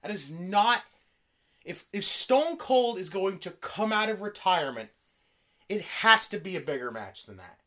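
Animated, profane woman ranting. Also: medium pitch, measured pace. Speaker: podcast co-host. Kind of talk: casual wrestling chat.

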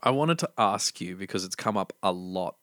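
A woman in her thirties chatting casually, with wry, quick interjections. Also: very deep voice, expressive, a bit bright, no room sound, studio quality. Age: 30s. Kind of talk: casual chat.

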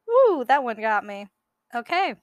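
A young woman reading her own writing aloud, slowly, with self-deprecating nervous jokes in between. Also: on the high side, big pitch swings, no room sound.

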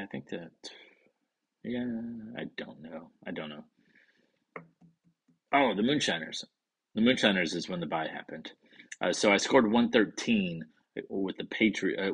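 A man's voice: low voice, fairly bright tone, breathy edge. A man casually hosting a fantasy football league podcast on his own, rambling and wisecracking, swearing under his breath when he slips up. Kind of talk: casual solo sports chat.

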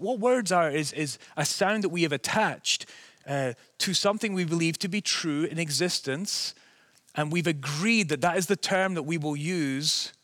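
Earnest preacher, male, faded Scottish accent mixed with American, fairly high voice, dry close sound. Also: fairly bright tone, dry recording. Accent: softened Scottish, partly American. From Scotland. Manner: earnest, asks the listeners rhetorical questions. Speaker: pastor. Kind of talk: conversational sermon.

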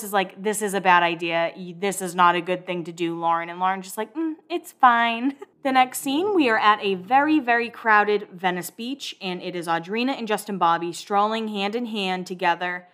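A woman's voice: mid-range voice, fairly bright tone. A woman talking through a show recap in a loose, casual way. She slips into the characters' lines as she retells each scene, with a sarcastic, blunt edge and the odd swear word. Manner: chatty and sarcastic, acts out quotes, swears. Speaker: recap podcast host.

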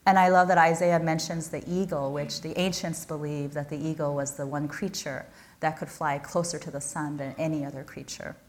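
A woman's voice: low-pitched, steady tone, normal speed, a little mellow. A woman giving a personal, earnest sermon, reading scripture and telling her own story with touches of self-deprecating humor. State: blind.

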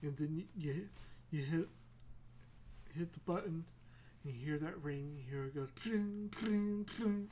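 A woman's voice: low voice, normal speed, pauses often, dark tone, slight background noise. A woman hosting her own podcast, talking in a casual, rambling way, going off on tangents, swearing freely and joking about herself. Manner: casual swearing, self-mocking. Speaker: podcast host. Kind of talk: casual solo chat.

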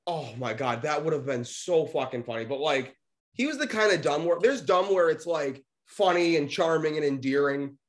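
This young podcast co-host narrates a story casually and animatedly, at a moderate pace and a little high in pitch. He doesn't hold back on swearing and acts out the voices of the people he quotes.

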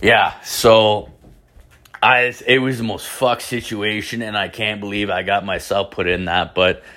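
A man's voice: fairly low pitch, flat delivery, a little slow, bright, forceful tone. A man from Canada hosting a solo podcast, telling a story in a rambling, heavily profane way, full of "like" and restarts. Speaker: podcast host.

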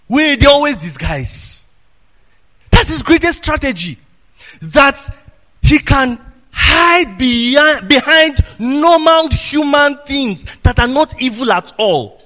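A man preaching a sermon as pastor, in a sing-song, animated delivery, questioning his congregation and at times shouting for emphasis. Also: very high-pitched, slow pace.

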